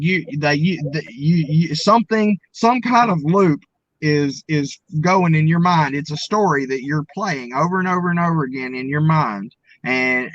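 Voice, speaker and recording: A man's voice: fairly high pitch, fairly bright tone, no echo, highs cut off. A man from Arkansas with a Southern accent, a guest talking in a folksy, earnest way. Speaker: guest, coach. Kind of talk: casual interview talk.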